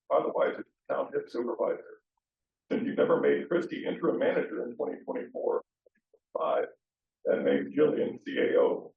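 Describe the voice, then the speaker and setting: Sarcastic resident at a podium; gravelly, lively pitch, far mic, roomy, dull. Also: male voice. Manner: pointed, sarcastic, reading from notes. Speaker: resident giving public comment. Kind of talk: read-out public comment. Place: township meeting room. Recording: distant, roomy, dull public meeting audio.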